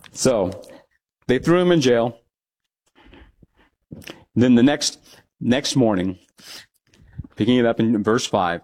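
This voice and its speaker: A man's voice: mid-range voice, a little mellow. A man, a pastor, teaching a Bible passage in a conversational sermon, with frequent asides and restarts. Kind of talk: expository sermon.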